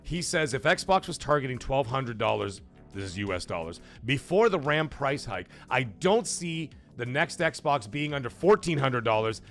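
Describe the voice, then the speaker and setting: A man's voice: medium pitch, big pitch swings, normal speed, a bit bright. Man, live-stream host, casual chatty delivery, jokey and profane, mid-range voice, faint music behind. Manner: chatty, joking, loose and profane; reads viewer messages aloud. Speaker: livestream host.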